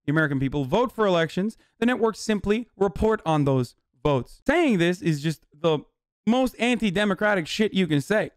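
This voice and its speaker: A man streaming live, reacting to news clips in an excitable, profane, rambling way. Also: high-pitched, moderate pace, clean tone, no echo, studio quality. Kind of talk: casual reaction commentary.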